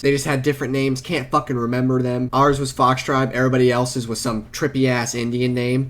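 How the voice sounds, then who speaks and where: A man's voice: medium pitch, a bit bright. A young man telling a rambling, profane story from his childhood in a casual vlog. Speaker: vlogger.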